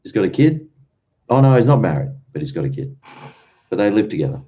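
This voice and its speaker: Laid-back Australian man, low and mellow. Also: very animated, fairly quick. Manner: rambling, easygoing, chuckles between thoughts. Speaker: livestream host. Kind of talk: casual late-night livestream chat. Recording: dull lo-fi stream audio.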